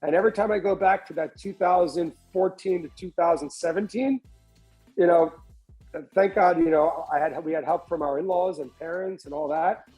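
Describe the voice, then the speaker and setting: New guy in his 40s telling his comeback story on a podcast, bit higher voice, restarts a lot, faint music behind. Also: moderate pace, low-quality recording. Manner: animated storyteller who acts out other people's lines; frequent restarts and repeated words. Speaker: restaurant entrepreneur, guest. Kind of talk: candid storytelling interview.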